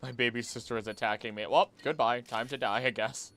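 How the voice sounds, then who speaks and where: A man chatting casually on a live gaming stream, jokey and animated, talking to the creatures on screen. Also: mid-range voice, a little fast. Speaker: streamer and voice actor.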